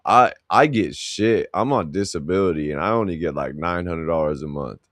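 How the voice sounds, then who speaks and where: A man's voice: low-pitched, expressive, moderate pace, a bit bright, no echo. A man co-hosting a podcast, chatting casually in a slangy, rambling, laid-back way. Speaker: podcast co-host. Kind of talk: casual chat.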